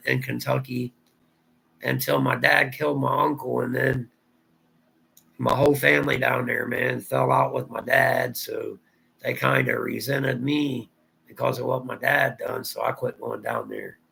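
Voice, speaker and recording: Man, Southern drawl, very gravelly voice, bright forceful tone, rambling livestream chat. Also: medium pitch, flat delivery, a little slow, rough recording. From Ohio, USA. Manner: rambling, answers viewer comments aloud. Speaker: livestream host.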